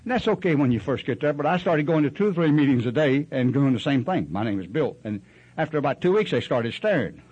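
A man's voice: fairly high pitch, animated, fast talker, darkish tone, breathy edge, muffled recording. Folksy older man telling his story. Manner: rambling, folksy storytelling that acts out other voices. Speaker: speaker sharing his story at a recovery meeting. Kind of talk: storytelling share.

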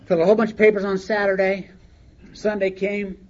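A man telling his story to an audience in a wry, animated way, laughing along as he goes. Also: high voice, fairly quick, muffled recording. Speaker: speaker sharing his recovery story.

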